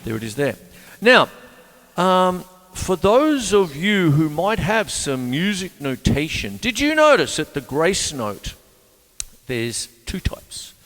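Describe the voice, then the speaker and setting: Older drum teacher, loose and jokey, lively pitch, long room reverb, drums behind. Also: male voice, slow pace, a little hiss or hum. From Australia. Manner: rambling, jokey, talks between drum demos. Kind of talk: casual drum lesson.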